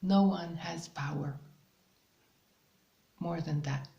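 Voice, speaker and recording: A woman hosting a spiritual channel, talking slowly and hesitantly with many pauses and fillers. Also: low-pitched, vocal fry, roomy sound, highs cut off. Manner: slow, hesitant, with many ums and soft laughs. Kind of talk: casual spiritual guidance monologue.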